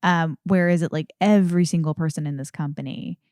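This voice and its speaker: A woman co-hosting a casual film discussion podcast, animated and quick to act out scenes in playful voices. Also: low voice, dry recording, clean studio sound. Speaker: podcast co-host.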